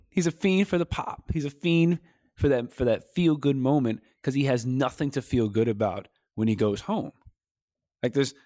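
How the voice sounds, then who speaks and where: A man co-hosting a podcast, with a mid-pitched voice recorded close and dry. He talks in a heated, animated, slangy way and often jumps his pitch up for emphasis. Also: dry recording. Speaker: podcast co-host. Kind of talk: casual podcast chat.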